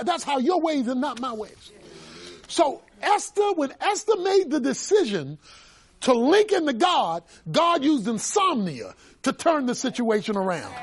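Animated male preacher, very high and expressive voice, storytelling sermon with bursts of shouting. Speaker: pastor.

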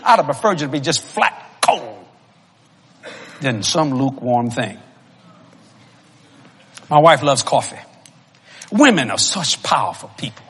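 A man preaching a humorous sermon to a congregation, telling comic stories, laughing and often shouting. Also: mid-range voice, very animated, measured pace, pauses often, slightly rough, long reverb tail. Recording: live audience laughter and room noise.

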